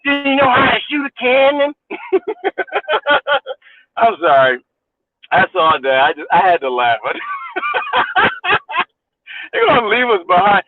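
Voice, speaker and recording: High-pitched mocking man ranting. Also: wildly swooping pitch, slow pace, pauses often. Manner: mocking, laughs often, repeats himself. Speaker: vlogger. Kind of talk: casual rant to camera. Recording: tinny phone-like dry sound.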